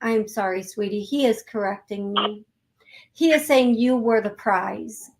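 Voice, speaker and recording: A woman hosting a call-in show, giving a psychic reading in a gentle, chatty way and spelling words out letter by letter. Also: medium pitch, measured pace. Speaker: psychic medium host.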